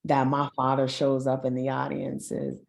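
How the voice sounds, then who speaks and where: Woman panelist, extremely low monotone voice, slow earnest reading. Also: gravelly. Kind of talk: reading a heartfelt statement.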